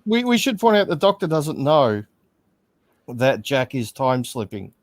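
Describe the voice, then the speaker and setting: A man's voice: medium pitch, very animated, unhurried, dry recording. A man joining a casual podcast discussion about a film, jumping in with questions and points. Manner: interjects with questions and corrections.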